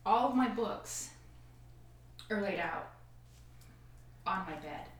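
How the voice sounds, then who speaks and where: A woman guest on a podcast, telling a painful personal story in an animated way and acting out the voices of other people. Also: medium pitch, slow pace. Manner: animated, acts out quoted voices, frequent laughs. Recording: far-off echoey room mic.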